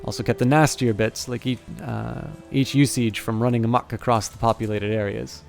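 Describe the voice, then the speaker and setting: A man's voice: medium pitch, steady tone, normal speed, vocal fry, a little mellow, faint music behind, close to an everyday voice. A man voicing a brash, wry former ranger turned mercenary, blunt and folksy, in a near-everyday voice.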